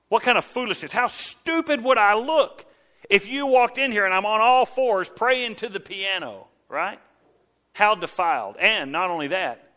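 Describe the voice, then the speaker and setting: Emphatic high-voiced male preacher. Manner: emphatic, repeating phrases, rising to near shouts. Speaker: pastor. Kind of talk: sermon with scripture reading.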